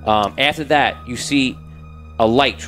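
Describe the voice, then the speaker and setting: A man's voice: mid-range voice, unhurried, a bit bright, soft background music, low-quality recording. A man narrating as game master of a tabletop game, setting scenes cinematically and rambling with restarts and fillers.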